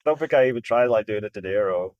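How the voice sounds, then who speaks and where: A man's voice: fairly low pitch, quick pace, dry recording, highs cut off. A man co-hosting a casual movie podcast who jokes and laughs often. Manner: laughs often, joking, animated banter. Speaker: podcast co-host.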